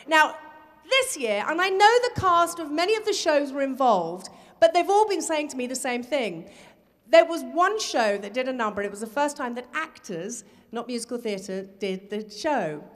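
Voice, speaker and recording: A woman's voice: high-pitched, very animated, moderate pace. A woman hosting a live charity show, chatty and effusive as she introduces the next act. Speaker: host.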